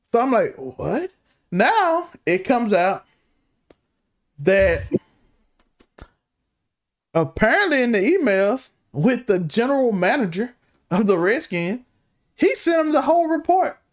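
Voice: mid-range voice, takes it slowly, pauses often. A podcast co-host in casual sports chat, asking blunt questions. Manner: animated, asks blunt questions.

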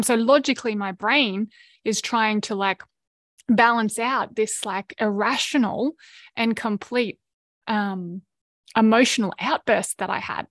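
A middle-aged Australian woman hosting a podcast, telling a personal story in an earnest, emotionally open way with quick asides. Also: on the high side, no room sound, studio quality. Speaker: podcast host. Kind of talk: candid personal storytelling monologue.

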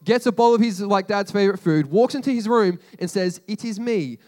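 High-voiced man retelling a story casually. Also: fairly quick, mellow. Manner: chatty, slangy retelling with lots of "like" and asides to listeners.

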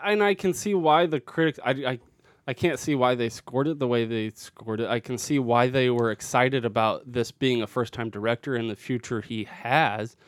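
A man's voice: medium pitch, normal speed, no echo, studio quality. A man co-hosting a casual movie review podcast, opinionated and often restarting his sentences. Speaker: podcast co-host.

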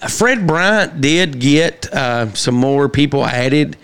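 A man hosting a casual podcast, chatting loosely and reading shout-outs with frequent fillers and restarts. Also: medium pitch, animated, slow, creaky, smooth. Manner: rambling with many fillers and restarts. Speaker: podcast host.

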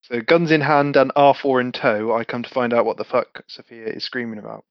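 Dude playing a tabletop game, stumbling over words, kinda dull dry recording. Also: male voice, mid-range voice, steady tone, dry recording. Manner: halting, restarts, laughing. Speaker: player. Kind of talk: casual tabletop play.

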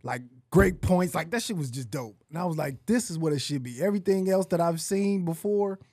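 A man hosting a laid-back podcast, laughing easily and speeding up when he gets worked up. His voice moves through a wide pitch range, and it is recorded dry and close with no room sound. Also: no echo. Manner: laughs often, excitable, talks fast when worked up. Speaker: podcast host. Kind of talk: casual podcast chat.

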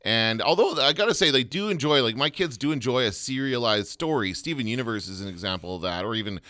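A middle-aged man co-hosting a podcast, chatting casually and rambling with quick asides. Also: mid-range voice, expressive, sharp tone, dry recording, clean studio sound. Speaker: podcast co-host. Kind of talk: casual chat.

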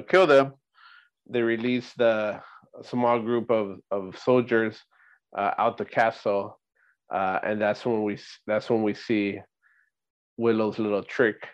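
A man co-hosting a casual movie rewatch podcast, walking through scenes one by one and often checking in with a quick "right?". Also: fairly low pitch, fairly even intonation, highs cut off. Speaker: podcast co-host.

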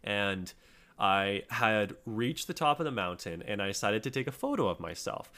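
A man's voice: lowish voice, animated, moderate pace, pushed and bright. A young man co-hosting a podcast, chatting casually and telling a rambling story full of fillers. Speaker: podcast co-host.

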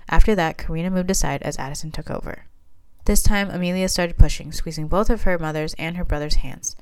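Woman reading her fanfic out loud, low voice, even and plain. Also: a little fast, smooth. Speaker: reader and writer of fan fiction. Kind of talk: fan fiction read aloud.

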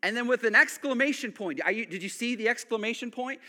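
A man preaching a sermon, animated, then dropping to hushed emphasis. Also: extremely high pitch, fast talker. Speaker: pastor.

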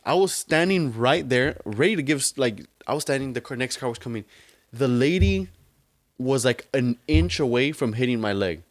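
A man's voice: mid-range voice, lively intonation, normal speed, no room sound. Rambling young man, dry close sound. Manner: rambling storytelling, filler-heavy, slangy. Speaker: podcast co-host. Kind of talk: casual chat.

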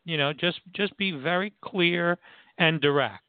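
A man's voice: fairly high pitch, clear, resonant tone, dry recording. Man talking over a tinny phone line. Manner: halting, many "you know" fillers. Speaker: talk show host. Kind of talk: casual interview chat.

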